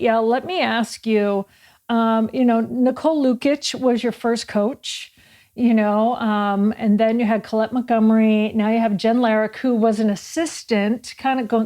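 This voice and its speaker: A middle-aged woman from Massachusetts hosting a sports radio show, telling stories in casual interview chat and acting out quoted lines. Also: on the high side. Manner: storytelling, animated, acts out quotes.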